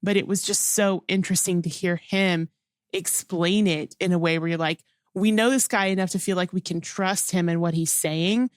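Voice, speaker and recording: A woman's voice: fairly low pitch, no room sound, clean studio sound. A woman co-hosting a movie review podcast, talking thoughtfully and reasoning through characters' perspectives. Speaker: podcast co-host. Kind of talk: casual movie review chat.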